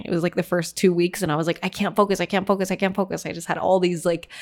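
Candid, lower-pitched woman from Canada. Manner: candid, rambling, laughs at herself. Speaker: vlogger sharing personal story. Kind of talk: casual storytelling to viewers.

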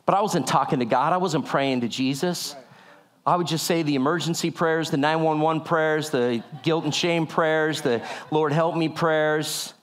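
A man giving a sermon-style testimony, telling a story animatedly and acting out the people in it with lowered voices. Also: steady tone, normal speed. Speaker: speaker sharing a testimony.

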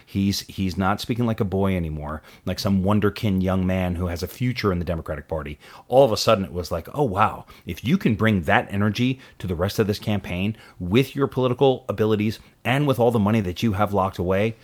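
A man co-hosting a casual political talk show, animated and quick to act out the people he quotes, with frequent restarts. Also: low-pitched. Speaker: podcast co-host.

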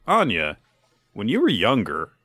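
A man co-hosting a podcast, recapping manga chapters in casual chat, who often jumps into a high voice to act out characters' lines. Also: wildly swooping pitch, measured pace, bright, forceful tone, breathy edge, no room sound. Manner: restarts and fillers. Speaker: podcast co-host.

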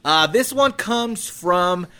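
A male podcast co-host with a high, lively voice that swings up and down. He reads out listener emails and banters casually, with faint music in the background. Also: takes it slowly, clear, resonant tone. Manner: animated, reads listener emails, laughs often. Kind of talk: casual comedic chat.

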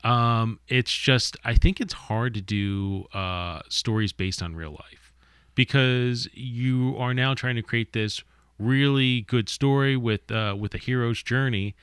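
A man's voice: mid-range voice, slow, fairly bright tone, smooth, dry recording, studio quality. A man co-hosting a podcast, reviewing a movie casually with frequent stammered restarts.

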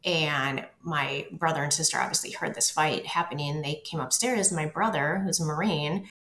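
A woman telling her own story as an interview guest, halting and repeating words as she goes. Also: deep voice, fairly bright tone. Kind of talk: personal storytelling. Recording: roomy echo.

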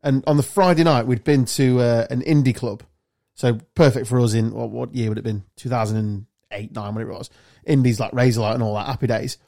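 Rambling lad spinning a yarn. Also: male voice, medium pitch, a little fast, hardly any pauses. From South Lincolnshire, England. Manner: rambling, animated anecdote-telling with sweary banter. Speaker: podcast host. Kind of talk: casual storytelling chat.

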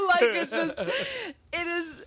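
A woman's voice: extremely high pitch, huge pitch swings, drawn-out words, crowd noise. Giggly woman gushing on a podcast. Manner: giggly, gushing, swearing freely. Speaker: podcast co-host. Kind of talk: casual chat. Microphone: close studio mic.

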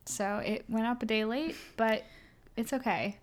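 A woman's voice: on the high side, steady tone, a little slow. A young woman co-hosting a podcast in casual chat, talkative, laughing often and full of fillers. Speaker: podcast co-host.

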